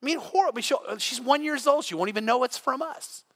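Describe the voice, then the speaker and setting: An older male pastor delivers an evening sermon in a high-pitched, bright and ringing voice at a fairly quick pace. He tells lively, animated stories, stumbling and restarting his sentences as he goes.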